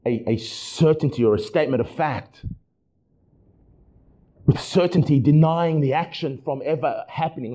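A man's voice: mid-range voice, warm tone. A man preaching an expository sermon, earnest and emphatic, often restarting his phrases as he explains a text. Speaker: pastor.

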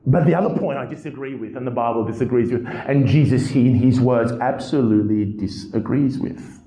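Preaching a passionate sermon, this male pastor swings between low, measured reading and high, emphatic outbursts. His tone is warm, the room is echoey, and the recording is rough.

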